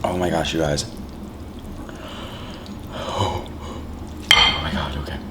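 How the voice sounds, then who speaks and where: A man's voice: a bass voice, fairly even intonation, takes it slowly, noisy background. A man casually chatting to his viewers while eating, rambling and saying "like" a lot, humming between bites. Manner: rambling, says "like" a lot, chews and hums between lines. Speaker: mukbang vlogger.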